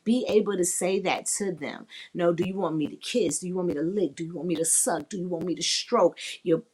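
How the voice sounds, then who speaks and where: A woman's voice: fairly low pitch, a little fast, a little mellow, breathy edge. A woman hosting a sex-talk podcast, speaking frankly and profanely and laughing often. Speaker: podcast host.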